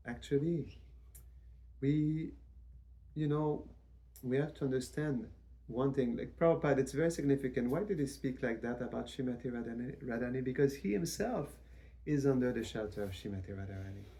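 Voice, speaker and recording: A man giving a devotional lecture as a spiritual teacher, in a measured, reverent way with frequent restarts. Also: mid-range voice, warm tone.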